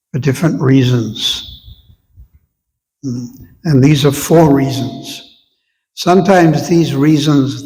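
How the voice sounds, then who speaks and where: Male teacher, measured and slow, lecturing a congregation in a hall with a long echo. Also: medium pitch. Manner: unhurried, conversational, asks the audience questions. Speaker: visiting spiritual teacher. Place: temple hall with long reverb.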